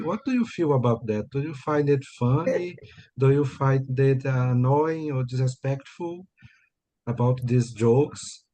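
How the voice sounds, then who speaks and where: A man whose first language is Portuguese asks a question on a video call. He speaks very slowly, with a soft, mellow tone, and chooses each word with care. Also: medium pitch, low-quality recording. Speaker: student.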